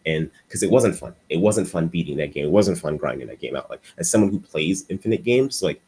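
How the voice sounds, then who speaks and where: A man with a low voice talks through an unscripted video essay. He rambles and stumbles over his words, restarting sentence after sentence. His voice has a husky edge. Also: animated, fairly quick, a little mellow. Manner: rambling, stuttering, many restarts. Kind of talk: unscripted commentary monologue.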